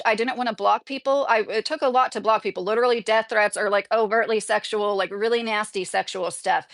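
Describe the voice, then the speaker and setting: Indignant rambling woman YouTuber, high voice. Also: a bit bright. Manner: indignant, rambling with restarts and frequent "like". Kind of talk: casual political rant to camera, reading comments.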